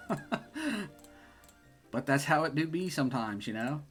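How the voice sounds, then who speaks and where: A man's voice: medium pitch, unhurried, soft background music. A young man casually commenting on his playthrough of a game, joking around and laughing often. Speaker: gaming streamer. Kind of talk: casual let's-play commentary.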